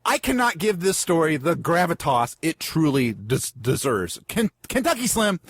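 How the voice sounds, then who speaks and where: Husky podcast host who stutters. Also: male voice, on the high side, very animated, moderate pace, a bit bright, dry recording, studio quality. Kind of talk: casual podcast chat.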